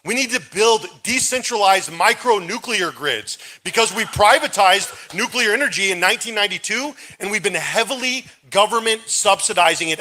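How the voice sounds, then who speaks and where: A man argues at a debate in a high, bright voice. He sounds urgent, rushing through his points and filling pauses with uhs and ums. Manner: rapid, filler-heavy, urgent. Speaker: candidate in a debate. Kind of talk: campaign debate answer.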